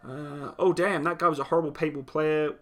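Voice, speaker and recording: A man's voice: on the high side, fairly even intonation, fairly quick, fairly bright tone, faint music behind. A young man from Britain hosting a live stream, reading out chat comments and answering them bluntly with some teasing. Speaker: livestream host answering chat questions.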